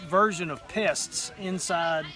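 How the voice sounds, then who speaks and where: A man's voice: high-pitched, takes it slowly, music in the background. A man from Mississippi, chatting in a humble, folksy, easygoing way as a guest homesteader. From Mississippi, USA. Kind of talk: casual interview. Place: outdoors at a crowded gathering. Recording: crowd chatter in the background.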